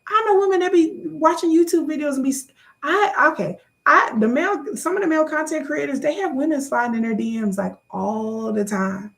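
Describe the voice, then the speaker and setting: A woman chatting casually to her viewers, gossipy and animated, jumping into high exclamations. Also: fairly quick, gravelly. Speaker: YouTuber. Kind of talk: casual chat to camera.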